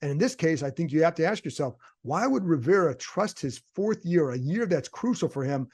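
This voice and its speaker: Guy reporter thinking out loud on his podcast, lots of "can he? i don't know" questions, voice sits a bit high. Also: very animated, brisk, breathy edge. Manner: conversational, thinks aloud with rhetorical questions. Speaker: sports reporter and podcast host. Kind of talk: casual solo commentary.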